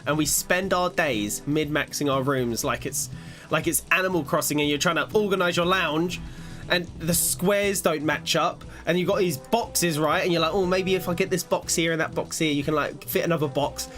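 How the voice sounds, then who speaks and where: Young male streamer, higher voice, rambly and self-mocking, faint music underneath. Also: normal speed, a bit bright. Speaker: gaming streamer. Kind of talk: live-stream chat while gaming.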